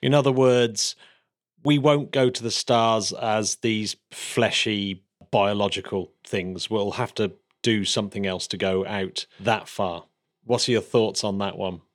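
A man's voice: on the low side, fairly even intonation, unhurried. A man hosting a podcast interview, teasing his co-host and then asking earnest questions.

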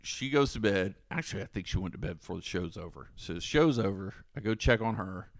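A man's voice: lowish voice, a little fast, dry recording. A young man telling a rowdy party story in casual chat, swearing freely and acting out what people said. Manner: profane, animated storyteller acting out quotes.

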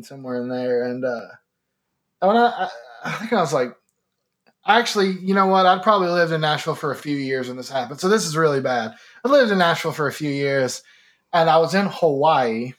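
A man's voice: a little high, fairly bright tone. A young man from Kentucky, a musician guest, telling rambling self-mocking stories in casual podcast chat. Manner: rambling, self-mocking storyteller with frequent restarts.

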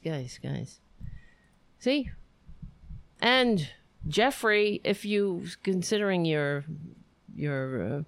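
A woman's voice: low voice, dry recording. A woman hosting her own show, ranting sarcastically and rambling through thanks to her supporters. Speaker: show host. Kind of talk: ranting livestream monologue.

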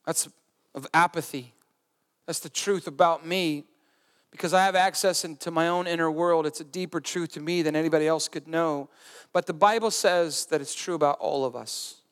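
A male pastor preaches a sermon in an earnest, conversational way, with humorous asides. His voice sits high for a man. Long reverb from the church hall trails behind him. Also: normal speed.

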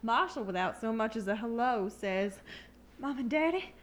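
A woman's voice: on the high side, expressive, moderate pace, slight background noise, lightly acted. A woman voicing an old Southern lady from a stage play, with a put-on Southern accent and a dramatic, drawling way of telling a story. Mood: storytelling. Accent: American Southern.

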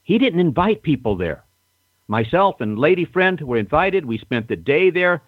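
An older man telling stories in a casual interview, self-assured and animated, acting out other people's lines. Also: on the high side, moderate pace, no room sound. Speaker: guest storyteller. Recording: muffled phone-line audio.

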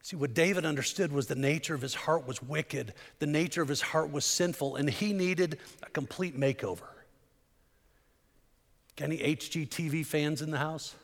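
Male pastor, fervent sermon, rhetorical questions, high voice, long church reverb. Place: church sanctuary.

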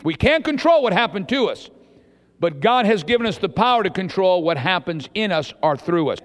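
A high-pitched man preaching a sermon, bouncing between storytelling and questions fired at his congregation. He slips into little voices for the people he quotes. His voice rings out with a long echo in a big church hall. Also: very animated, moderate pace, a bit bright. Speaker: pastor.

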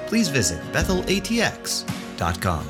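A podcast announcer reading a scripted welcome in a smooth promotional delivery. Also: medium pitch, huge pitch swings, moderate pace. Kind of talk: scripted intro. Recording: intro over music.

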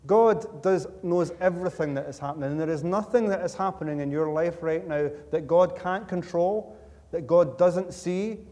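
The voice is slightly high and warm, at a normal speed: a Scottish preacher giving a sermon in a church sanctuary. He jokes, tells stories conversationally and uses emphatic repetition, all echoing with the hall's long reverb.

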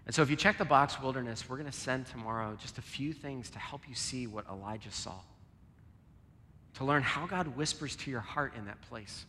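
A man preaching a sermon and leading a closing prayer, earnest, moving between loud emphasis and a soft near-whisper. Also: medium pitch, normal speed, slight background noise. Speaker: pastor. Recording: long reverb, soft guitar behind.

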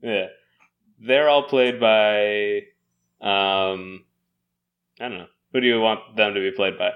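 A man's voice: lowish voice, slow pace, muffled recording. Playful man riffing with friends. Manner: playful, laughs often. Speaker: improv podcast co-host. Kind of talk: casual improvised chat.

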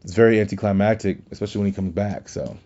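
A man's voice: fairly low pitch, fairly even intonation, fast talker, mellow, lo-fi sound. A man hosting a podcast, rambling and swearing in casual talk with many restarts. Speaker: podcast host.

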